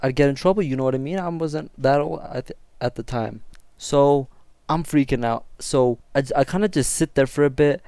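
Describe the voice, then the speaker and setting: A young man telling a story to his viewers in a casual, excitable, slangy way and swearing freely. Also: mid-range voice, normal speed, no room sound. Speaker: storytime vlogger.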